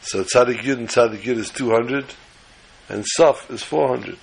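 Gravelly-voiced man preaching emphatically. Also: mid-range voice, normal speed, poor audio. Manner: emphatic, lecturing. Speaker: religious teacher. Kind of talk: sermon-style scripture lesson.

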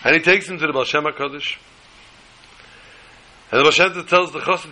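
A man who teaches religion, telling a story in a sermon in an animated way. He scatters Hebrew and Yiddish terms through it. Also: on the high side, brisk, a little hiss or hum, poor audio.

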